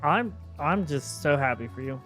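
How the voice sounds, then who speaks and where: A man's voice: on the high side, animated, moderate pace, sharp tone, soft background music. A man playing a game with friends in casual chat, teasing them in a dry, sarcastic way. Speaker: co-player in an online game.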